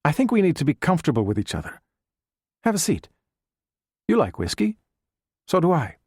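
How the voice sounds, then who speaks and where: A man voicing a calm young male agent who speaks in American English, quiet, firm and smoothly persuasive. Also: a little high, brisk, dry recording, studio quality, pitched above the performer's own voice, full character voice.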